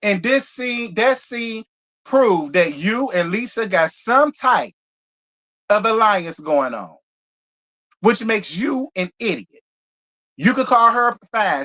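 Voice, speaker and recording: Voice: mid-range voice, lively intonation, slow pace, sharp tone. A reality TV reviewer hosting a live show review, ranting in a blunt, profane, heated way and hammering points home by repeating them. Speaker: reality TV reviewer, channel host.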